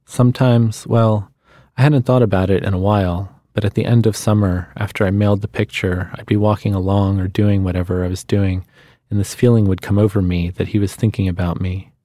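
A man reading the lines of a wry, restless adult woman in a short story, in a quiet, musing manner. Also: lowish voice, little pitch movement, a little fast, no echo, clean studio sound, lightly acted.

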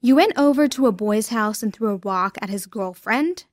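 A woman's voice: on the high side, expressive, moderate pace, dry recording, clean studio sound, lightly acted. A woman voicing a stern, disappointed middle-aged mother who scolds her daughter. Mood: serious.

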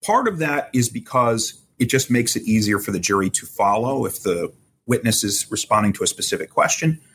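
A man as a legal expert guest, explaining courtroom rules in a measured way and quoting testimony. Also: on the low side, expressive, fairly bright tone, breathy edge. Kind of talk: podcast interview analysis.

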